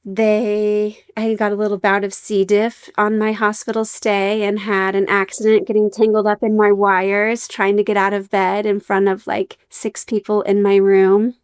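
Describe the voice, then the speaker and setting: A woman's voice: medium pitch, little pitch movement, normal speed, few pauses, smooth, dry recording, studio quality. A young adult woman, a podcast guest, telling her story candidly with wry humor and many fillers.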